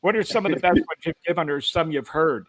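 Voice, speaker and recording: A man's voice: fairly high pitch, fast, fairly bright tone. A man co-hosting a podcast, casually interviewing a guest. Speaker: podcast co-host.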